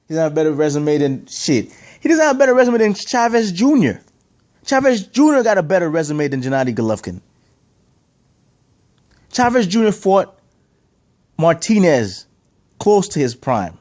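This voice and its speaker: A man's voice: sits high, sing-song, moderate pace, long pauses, a little mellow. A man giving an opinionated boxing rant to camera, emphatic and heated, stacking rhetorical questions and repeating his points. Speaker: boxing commentator.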